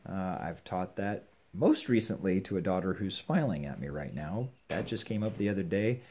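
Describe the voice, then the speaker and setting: An older man giving earnest, measured advice on scripture to his children and grandchildren at home. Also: low-pitched, animated, warm tone, slight background noise. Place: home with a puppy nearby.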